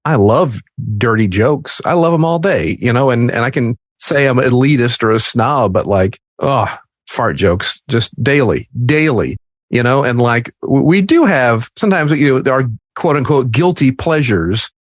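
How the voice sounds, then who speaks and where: A man's voice: medium pitch, expressive, normal speed, no room sound, studio quality. A man, an improv teacher co-hosting a podcast, talking casually with playful asides and laughter.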